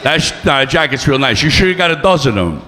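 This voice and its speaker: A man's voice: mid-range voice, very animated, fast, bright, forceful tone. A man doing stand-up, brash and profane, teasing the crowd. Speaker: stand-up comedian. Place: comedy club stage. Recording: long reverb of a club room.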